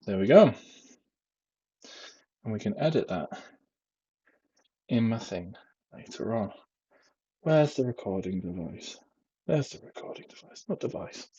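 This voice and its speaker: Rambling man, husky low voice. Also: warm tone, no echo. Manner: rambling, self-deprecating, lots of fillers and asides. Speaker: vlogger. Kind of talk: casual rambling vlog. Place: home, indoors. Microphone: headset microphone. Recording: dull lo-fi headset mic, clipping.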